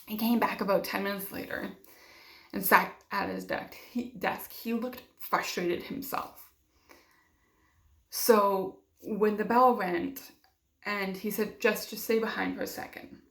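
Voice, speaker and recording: A woman's voice: mid-range voice, fairly even intonation, unhurried, vocal fry. A young woman telling a personal story in a vlog, emotional and acting out what others said to her. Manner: emotional, acts out quoted dialogue, many fillers. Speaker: vlogger. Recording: roomy echo.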